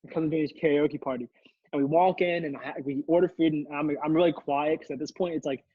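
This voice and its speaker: A man's voice: a little high, fairly even intonation, fast talker, husky, no echo, phone-quality sound. Rambling young man telling a story. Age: young adult. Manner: rambling, laughing storyteller with many restarts. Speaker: podcast co-host. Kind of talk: casual storytelling chat.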